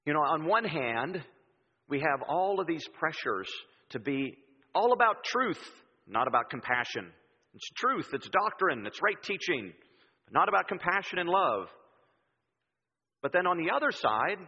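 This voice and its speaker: A male preacher delivers a sermon with lively, swooping pitch and a bright but husky tone. The sound is dull and muffled, with a long reverb trailing through the church hall. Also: normal speed. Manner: animated storytelling, acts out quoted voices. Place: church sanctuary.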